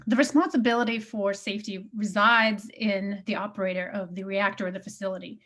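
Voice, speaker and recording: A woman speaking as a panelist in a discussion, halting and restarting often. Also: medium pitch, fairly even intonation, fairly bright tone.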